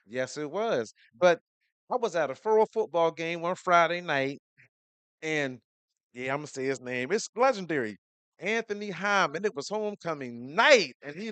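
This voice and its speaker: A man's voice: sits high, animated, normal speed, fairly bright tone, clear, resonant tone, dry recording. A man hosting a podcast in casual chat, laid-back and fond of telling stories, repeating words as he goes. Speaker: podcast host.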